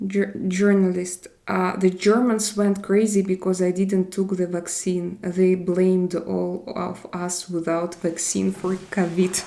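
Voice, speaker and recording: In a slow, flat, creaky voice pitched fairly low, a woman with a Russian accent reads her live-stream chat aloud and replies to viewer comments. She barely pauses, her tone is warm, and she chats casually while moving between languages.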